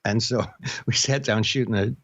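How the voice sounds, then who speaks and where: A man's voice: mid-range voice, steady tone, normal speed, fairly bright tone, dry recording, muffled recording. A man co-hosting a casual podcast chat, telling stories with many restarts and fillers. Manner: rambling storyteller with many restarts. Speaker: podcast co-host.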